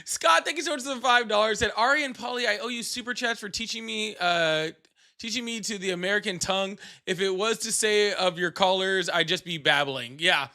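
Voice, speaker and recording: Bright, excitable male livestream host. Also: high-pitched, fairly quick. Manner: joking, excitable, laughs often. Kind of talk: casual live call-in chat.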